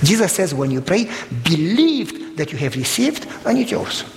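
Animated preacher in a reverberant hall. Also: male voice, fairly high pitch, normal speed, vocal fry, noisy background. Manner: animated storytelling, acts out voices, exclaims. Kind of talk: sermon.

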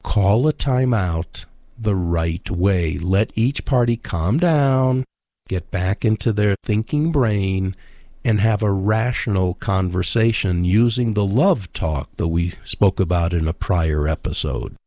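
A man's voice: lowish voice, unhurried, dark tone, dry recording, clean studio sound. A man teaching on a radio program, speaking in an emphatic, conversational way and repeating his key points. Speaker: radio Bible teacher on relationships.

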